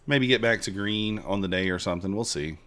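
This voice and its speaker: A man with a slightly low voice talks loosely through a live trading stream. He banters with his chat and jokes between trades, and cheers when a trade goes his way. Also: a little fast, a bit bright. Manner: chatty, joking with chat, banters and hypes trades.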